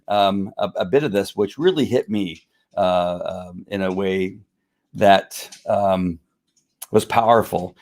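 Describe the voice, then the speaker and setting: A man's voice: lowish voice, a little mellow. A man hosting his own live video stream, talking in a heated, frustrated, rambling way with many fillers. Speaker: livestream host. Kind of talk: casual livestream rant.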